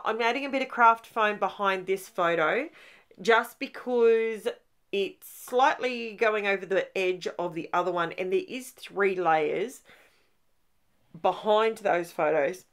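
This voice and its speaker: A woman's voice: medium pitch, unhurried, a bit bright. An Australian woman hosting a scrapbooking channel, giving a chatty, rambling voice-over from her home craft room. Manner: chatty and rambling, with fillers and asides.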